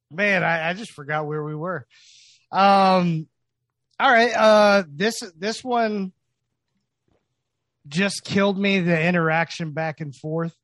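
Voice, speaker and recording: Higher-voiced man hosting a podcast. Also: a bit bright, no room sound. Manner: enthusiastic, quick reactions. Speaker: podcast host. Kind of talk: casual podcast chat.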